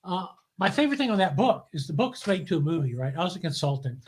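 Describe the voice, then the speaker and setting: A man's voice: high voice, fast, slightly rough. Older male guest, wry cynical storyteller, loose conversational delivery with frequent restarts. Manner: relaxed anecdotal storyteller, wry and cynical, repeats words as he restarts. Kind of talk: casual interview storytelling.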